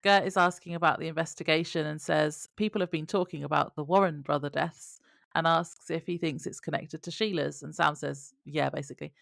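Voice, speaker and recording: A woman's voice: sits low, steady tone, fairly quick, creaky, few pauses, no echo, studio quality. A woman, co-hosting a podcast and chatting casually while recapping a TV episode, laughing often. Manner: chatty, laughs often, reads out her own notes. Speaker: podcast co-host.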